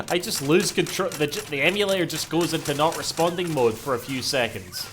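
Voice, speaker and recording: A man's voice: on the high side, brisk, background noise. A man with a Scottish accent chatting casually as he streams a video game, swearing freely and grumbling about crashes. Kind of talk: casual gameplay commentary. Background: game music.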